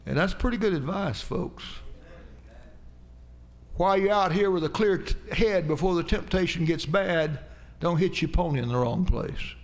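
A man's voice: high-pitched, moderate pace. A man preaching a folksy sermon, telling homespun stories and calling out amen to the congregation.

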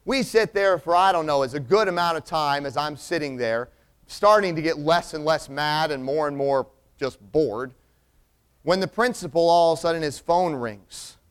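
Animated storytelling man, smooth voice. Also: a little high, normal speed. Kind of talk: storytelling sermon illustration.

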